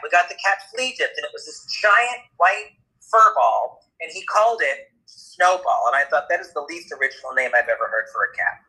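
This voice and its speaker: A man telling a comic story in casual chat, animated and quick, acting out the other people's voices as he goes. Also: fairly high pitch, poor audio.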